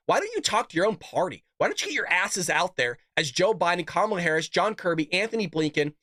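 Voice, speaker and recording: A man's voice: high-pitched, sing-song, quick pace, hardly any pauses, pushed and bright, dry recording, clean studio sound. A man hosting a political commentary show, combative and emphatic, talking straight to his viewers and reading out quotes. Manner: reads out quotes and tweets.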